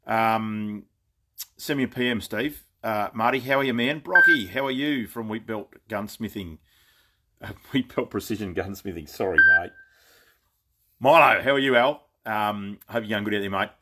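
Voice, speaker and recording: A relaxed Australian man with a lowish voice chats on a live stream from his shop, greeting viewers one by one and filling gaps with ums. He sounds tired, and the recording carries a clear layer of noise behind him. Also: normal speed. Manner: laid-back, rambling, greets viewers by name with lots of fillers. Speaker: gun shop owner hosting a live stream. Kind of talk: casual live-stream chat. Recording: noisy background.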